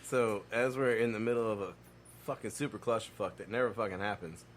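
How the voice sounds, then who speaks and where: Profane animated man telling stories. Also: on the low side, fairly quick, slight background noise. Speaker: podcast co-host. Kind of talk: casual chat.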